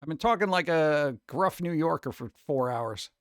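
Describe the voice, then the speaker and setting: A man's voice: on the high side, lively intonation, moderate pace, dry recording, studio quality. A man chatting casually with viewers on a live stream, rambling, humming and scatting to himself, his throat a little sore.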